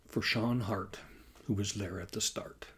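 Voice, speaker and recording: A man, the author, reading his science fiction novel aloud as audiobook narration, in a measured, even way. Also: lowish voice, slight background noise.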